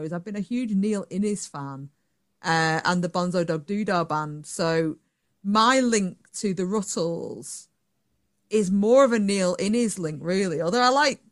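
A woman from northern England with a northern English accent, chatting animatedly as a podcast guest. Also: lowish voice. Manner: chatty, animated, laughs easily. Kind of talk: casual chat.

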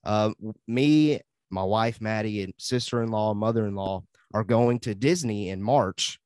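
A man's voice: on the low side, measured pace, darkish tone, dry recording, studio quality. A young adult man co-hosting a podcast, chatting casually and enthusiastically, rambling and laughing often. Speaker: podcast co-host. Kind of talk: casual chat.

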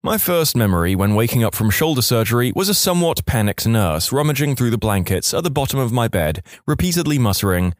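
Brief: male story reader, lively wry delivery, dry close-mic sound. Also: medium pitch, a little fast, few pauses, no echo. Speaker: narrator. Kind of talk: reading online stories aloud.

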